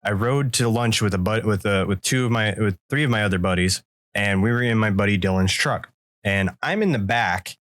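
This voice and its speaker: A man's voice: fairly low pitch, a little fast, no echo, clean studio sound. A man co-hosting a podcast, telling a story casually and acting out the voices in it. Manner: animated, acts out voices in his stories. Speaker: podcast co-host.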